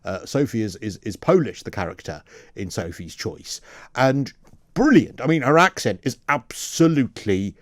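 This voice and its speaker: A man hosting a radio talk show, asking quick rhetorical questions and stumbling now and then as he pushes a point. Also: medium pitch, animated, no echo, studio quality. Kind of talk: opinion radio discussion. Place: radio studio.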